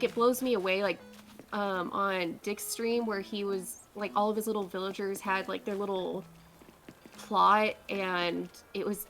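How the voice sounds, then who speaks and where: A woman chats casually as a guest, rambling playfully with plenty of fillers. Her voice is mid-pitched, and faint game music plays quietly underneath. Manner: chatty, many fillers, playful. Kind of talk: casual chat.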